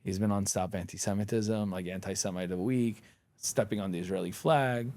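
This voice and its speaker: Blunt, gravelly-voiced man. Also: lowish voice, fairly even intonation, brisk, a little mellow. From Syria. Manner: blunt, profane storytelling. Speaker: podcast guest, attorney. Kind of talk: casual interview conversation.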